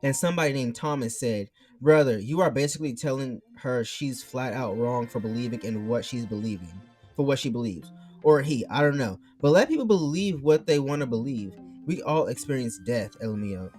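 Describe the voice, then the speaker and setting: A man talks casually to his viewers at a middling pitch, rambling as he reads chat messages aloud and argues back. His mic is turned the wrong way, and faint music plays behind him. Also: animated, fairly quick, a little mellow. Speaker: streamer. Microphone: mic turned backwards.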